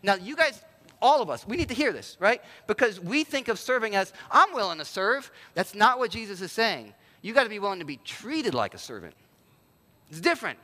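A man pastor giving a sermon in a conversational, animated way and acting out quotes. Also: high voice, fairly quick, in a large hall.

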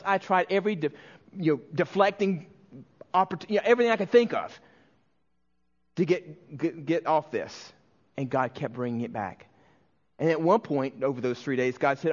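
Male pastor, earnest emotional sermon delivery, raised pitch, dull lo-fi recording. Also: normal speed. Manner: earnest, emotional storytelling with many restarts and quiet dips.

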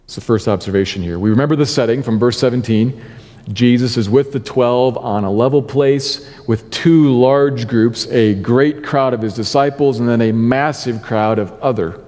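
Male pastor, warm mellow voice, mid pitch, measured sermon delivery, long hall reverb. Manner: deliberate, stresses key words, slows for scripture.

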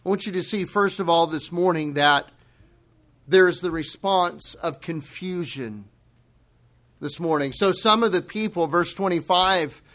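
A man preaching a sermon, slow and deliberate, breaking into dramatic exclamations for emphasis. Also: high voice, a bit bright. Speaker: pastor.

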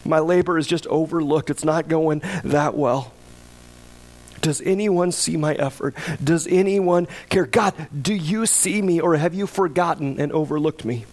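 A middle-aged man delivers a sermon in a loose, conversational way. His voice sits somewhat high for a man. When he gives voice to imagined complaints, his voice rises into a pleading cry. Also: unhurried, darkish tone. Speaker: pastor.

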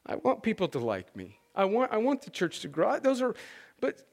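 High-voiced pastor preaching conversationally. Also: male voice, huge pitch swings, normal speed. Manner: conversational, emphatic, with frequent restarts. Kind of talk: sermon.

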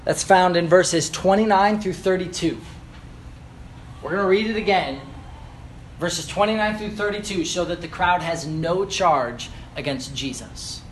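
A man preaching a sermon, earnest and explanatory, slowing down to stress key phrases and building emphasis. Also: high-pitched, a little hiss or hum.

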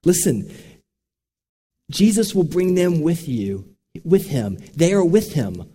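A man's voice: fairly high pitch, big pitch swings, takes it slowly, mellow, slightly rough. Earnest male preacher, echoing hall. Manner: storytelling preacher, earnest and direct. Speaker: pastor. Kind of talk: sermon. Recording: long reverb of a large hall.

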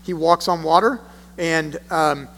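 A high-voiced man preaching from scripture, earnest and emphatic, with deliberate pauses. He reads passages aloud before explaining them as a pastor. His voice rings out with a long reverb in a church sanctuary. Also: vocal fry, a bit bright. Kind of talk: sermon with scripture reading. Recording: long reverb of a large hall.

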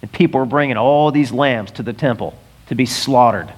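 A man preaching a sermon, telling stories with animated, emphatic delivery. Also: mid-range voice, normal speed, breathy edge. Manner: animated storytelling preacher, rising to emphatic peaks. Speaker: pastor.

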